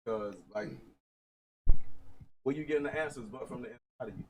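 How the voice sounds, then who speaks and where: A man's voice: mid-range voice, normal speed, a little mellow, slight background noise, low-quality recording. A man talking in a casual group discussion on a podcast, speaking earnestly and reflectively, repeating phrases for emphasis. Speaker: podcast host.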